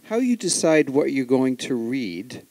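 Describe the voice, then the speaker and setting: Audience man, halting question, warm lively voice. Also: medium pitch, rough recording. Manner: halting, repeats himself. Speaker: audience member asking a question. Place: library atrium event.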